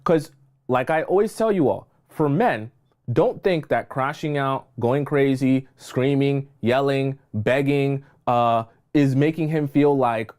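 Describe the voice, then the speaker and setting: A man's voice: medium pitch, moderate pace, darkish tone. A male dating coach speaking on a livestream in an emphatic, insistent way. He hammers each point home, repeats himself and keeps asking "okay?" to make sure his viewers are following. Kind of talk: livestream advice talk.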